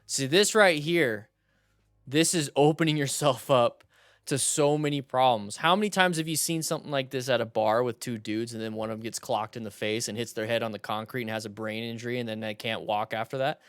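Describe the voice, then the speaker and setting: A young man hosting a motorcycle channel, commenting on riding videos in a casual, animated way and giving blunt advice. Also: mid-range voice, brisk, clean tone, no room sound, clean studio sound, soft background music.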